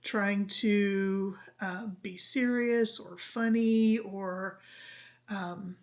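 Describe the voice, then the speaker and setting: A woman giving a recorded lecture on speech science, explaining slowly and deliberately with frequent ums. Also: mid-range voice, fairly even intonation, muffled recording.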